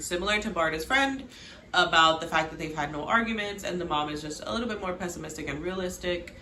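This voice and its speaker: A woman's voice: on the low side, reverberant, slight background noise. A woman giving a chatty, sassy recap of a reality show, acting out the people she quotes. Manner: chatty, sassy, animated quoting. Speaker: recap vlogger.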